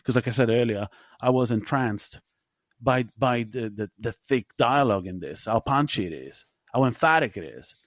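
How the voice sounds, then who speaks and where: A man's voice: medium pitch, expressive, moderate pace, dry recording. A man hosting a film podcast, giving his opinions in an emphatic, casual way and swearing now and then. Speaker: podcast host. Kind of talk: casual film review chat.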